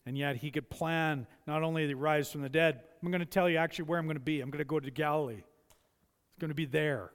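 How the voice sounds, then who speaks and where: A man's voice: fairly high pitch, steady tone, a little fast. A man preaching a sermon as a pastor, impassioned, often acting out the voices he quotes. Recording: long hall reverb.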